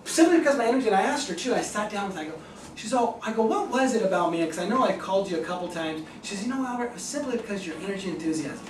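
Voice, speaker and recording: Enthusiastic male sales trainer, quick delivery, recorded at a distance in an echoey hall. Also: sits high, slight background noise. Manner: enthusiastic, animated, acts out both sides of calls. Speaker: real estate agent giving a sales talk. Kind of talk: energetic seminar talk with acted phone calls. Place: meeting room in front of an audience. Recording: echoey room, mic from a distance.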